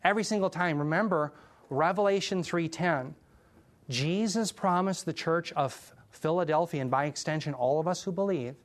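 A man's voice: a little high, moderate pace. A middle-aged man teaching through a Bible passage verse by verse, earnest and putting rhetorical questions to his listeners.

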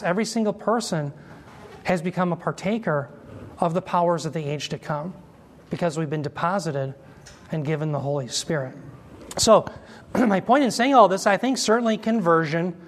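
A man teaching an expository sermon, explaining Greek terms slowly and asking his listeners questions as he goes. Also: high voice, animated, a little hiss or hum. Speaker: Bible teacher.

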